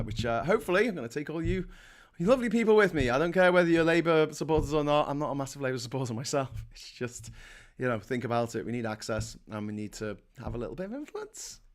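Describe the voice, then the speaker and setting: A middle-aged man from England speaks at medium pitch with a Liverpool accent as he hosts a casual livestream. Sarcastic and swearing freely, he rants and reads out what chat is saying.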